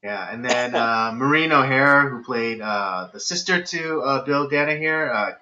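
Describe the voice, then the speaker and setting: A man co-hosting a casual film-review podcast, his voice bright and forward. He talks in halting bursts full of fillers and turns sarcastic with his co-host. The sound is muffled and lo-fi, like a live stream. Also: mid-range voice.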